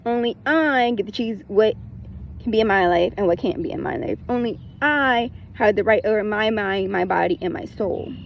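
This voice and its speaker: Woman for a casual spiritual talk, higher gravelly voice, blunt and emphatic with repeated points, lo-fi sound. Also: a little hiss or hum. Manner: breaks into laughter. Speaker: spiritual content creator.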